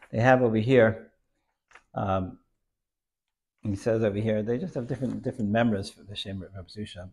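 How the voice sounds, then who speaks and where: Husky man telling a story loosely. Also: on the low side, animated, moderate pace, long pauses, sharp tone. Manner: rambling, many restarts and repeated words, heavy Yiddish and Hebrew terms. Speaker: teacher telling a Hasidic story. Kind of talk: informal storytelling lesson.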